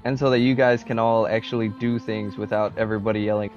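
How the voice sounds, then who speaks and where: A man's voice: fairly low pitch, fast talker, soft background music. Laid-back male game master on a headset. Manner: relaxed, explains rules with many fillers. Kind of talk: narrating a tabletop game over voice chat. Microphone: headset microphone. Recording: dull, slightly muffled lo-fi voice chat.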